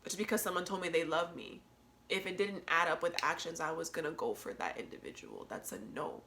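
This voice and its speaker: A woman's voice: deep voice, expressive, fairly quick, vocal fry, sharp tone. A young woman hosting a solo podcast, talking candidly and emotionally, laughing often and lecturing her listeners. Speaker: podcast host.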